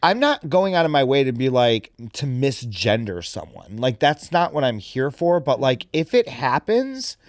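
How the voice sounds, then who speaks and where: A male podcast host talking in an animated, profane way with many fillers. His pitch swings widely. The sound is dry and close. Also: normal speed, few pauses, dry recording. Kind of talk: casual podcast chat.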